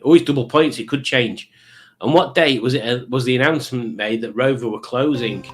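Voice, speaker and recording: Chatty man hosting a quiz stream. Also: mid-range voice. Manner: chatty, rambling, teasing and self-mocking. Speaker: livestream quiz host. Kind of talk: casual live-stream chat.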